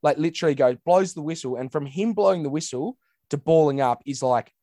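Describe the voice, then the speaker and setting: Casting note: Australian bloke, blunt sweary ranter, dry close-mic sound. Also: male voice, fairly high pitch, a little fast, dark tone, dry recording. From Western Australia. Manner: ranting, blunt and sweary, mimics people in raised voices. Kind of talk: casual chat.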